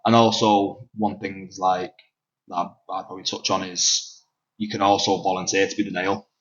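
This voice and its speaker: A man's voice: deep voice, little pitch movement, normal speed. A man with a Manchester accent hosting a grappling podcast, chatting casually, swearing and laughing easily. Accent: Northern English, Manchester. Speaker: podcast host and grappling coach. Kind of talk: casual chat. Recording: dull lo-fi sound.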